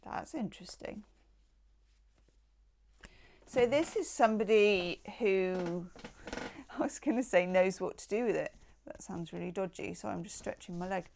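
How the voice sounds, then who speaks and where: A woman's voice: mid-range voice, a little slow, vocal fry, long pauses, darkish tone, a little hiss or hum. A woman giving a tarot reading in a casual, enthusiastic and affectionate way, with chatty asides. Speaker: tarot reader.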